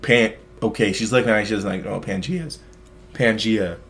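A man's voice: lowish voice, moderate pace, a bit bright. Young American male podcast host, rambling, jokey, filler-heavy. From United States. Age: young adult. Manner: rambling, joking, heavy use of "like". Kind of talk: casual chat.

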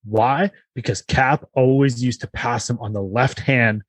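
A man's voice: mid-range voice, steady tone, unhurried, no room sound. A man hosting a casual podcast, laid-back, steering the talk and handing the floor to his co-hosts. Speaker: podcast host. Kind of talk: casual chat.

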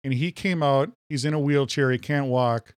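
A man from Minnesota who co-hosts a podcast and tells stories in a lively, joking way during a casual chat. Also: medium pitch, moderate pace, no echo, clean studio sound. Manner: animated storyteller, jokey. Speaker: podcast co-host.

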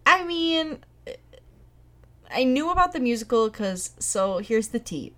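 A woman's voice: on the high side, big pitch swings, unhurried. A young woman co-hosting a film podcast, chatting in a playful, teasing, slangy way. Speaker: podcast co-host. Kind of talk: casual chat.

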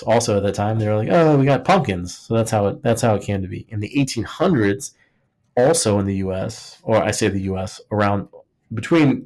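Slightly mellow and on the low side, his voice carries a casual podcast chat about history. He's a co-host who rambles and jokes, saying "like" constantly and restarting his thoughts again and again.

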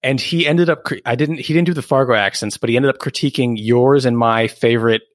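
Relaxed, laughing male podcast co-host. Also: mid-range voice, fairly quick, dry recording, studio quality. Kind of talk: casual chat.

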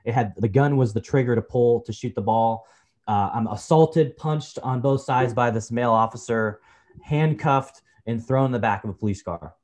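A man in his forties, a podcast guest, telling personal stories in a relaxed, chatty way, often saying "you know" and calling the host brother. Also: medium pitch, moderate pace. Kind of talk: personal storytelling in a conversation.

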